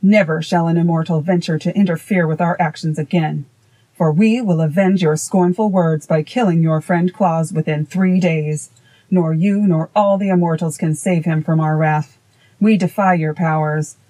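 A woman reading voicing a fierce, arrogant male goblin king with slow, menacing defiance. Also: sits low, fairly even intonation, warm tone, low-quality recording. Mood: raging.

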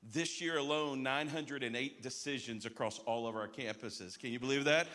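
Energetic male pastor in a big church. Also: medium pitch, normal speed, hardly any pauses, a little hiss or hum. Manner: energetic, rallies the crowd with call-outs. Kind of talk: live church sermon. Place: large church auditorium. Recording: live sermon in a big reverberant sanctuary.

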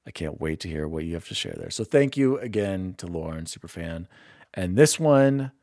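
A young man hosting a casual gaming podcast, openly sentimental and quick to laugh at himself. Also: deep voice, lively intonation, a little mellow, dry recording, studio quality. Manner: emotional, self-deprecating, quick to laugh. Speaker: podcast host.

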